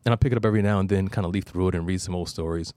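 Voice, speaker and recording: A man hosts an advice show in a relaxed, conversational way. He tells stories and wanders off on tangents. His voice is low and sounds dry and close to the mic. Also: very fast, no room sound. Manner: conversational storyteller, digressive. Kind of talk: casual call-in advice talk.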